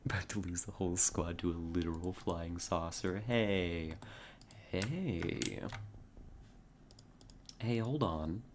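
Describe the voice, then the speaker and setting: Low, slow-talking game streamer. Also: a little hiss or hum. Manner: wry, self-mocking muttering to in-game soldiers. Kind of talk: live gameplay commentary.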